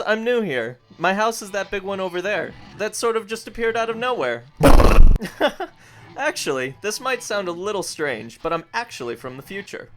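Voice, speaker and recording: A man's voice: sits high, heavy background noise. A man playing a goofy, chatty, cheerful time-travelling character in a comedy web series. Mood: chipper.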